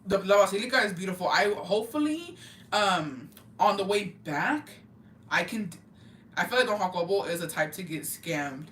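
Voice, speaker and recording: A young woman from Oaxaca, Mexico, chatting casually and profanely with her live-stream viewers in an animated, slangy way. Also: on the low side, measured pace, long pauses, a little hiss or hum. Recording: roomy, mic at a distance.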